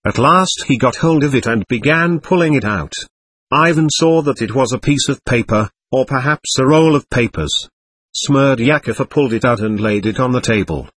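A man reads a classic novel aloud in an expressive, dramatic manner. His voice is husky and sweeps widely in pitch, recorded dry and close with no room around it. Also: normal speed, no echo. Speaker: audiobook narrator. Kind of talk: scripted narration.

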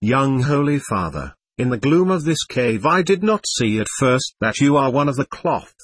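A man voicing a loud, boisterous male trader who bellows and booms in a storybook reading. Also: sing-song, moderate pace, husky, no echo. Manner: bellowing, booming.

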